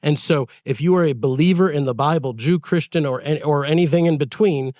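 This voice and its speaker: A man co-hosting a podcast, an earnest and animated storyteller in casual chat. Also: a little high, a little fast, no echo, clean studio sound. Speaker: podcast co-host.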